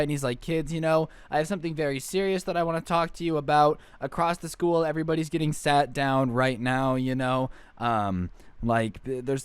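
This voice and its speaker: A man's voice: high voice, smooth, no echo. A young man hosting a casual storytime vlog, rambling and cracking goofy jokes. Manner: jokey, rambling, goofy asides. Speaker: storytime host.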